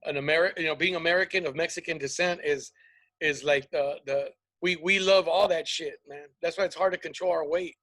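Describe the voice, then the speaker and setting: A man hosting a comedy podcast in loose, joking talk that leans on profanity and teasing. His voice sits high and comes across bright and forceful. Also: steady tone, brisk. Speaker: podcast host. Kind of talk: casual comedic chat.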